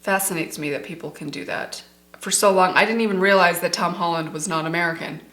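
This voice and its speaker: A woman's voice: lowish voice, a little fast, fairly bright tone. Chatty woman beauty vlogger, echoey room. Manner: chatty, enthusiastic, addresses viewers as "you guys". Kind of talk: casual makeup tutorial chat.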